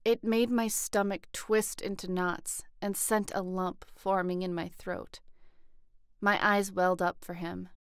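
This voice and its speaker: A woman narrating a first-person audiobook with a close studio mic, acting out the dialogue by shifting her pitch and loudness. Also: little pitch movement, unhurried, smooth, no room sound.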